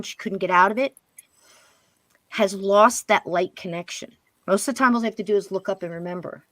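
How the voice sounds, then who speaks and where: A woman telling a spirit story as a guest medium on a paranormal interview show, acting out what she and others said and dropping into a hush at times. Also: medium pitch, no room sound. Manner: animated, quotes spirits and herself in hushed voice.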